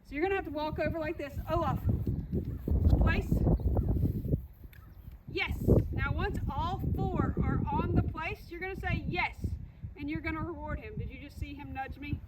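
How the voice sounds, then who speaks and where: Woman dog trainer with a high voice, reassuring and repetitive, heard from a distance over loud background noise. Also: a little fast. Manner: reassuring, repeats key points. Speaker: puppy trainer. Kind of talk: instructional dog-training walkthrough.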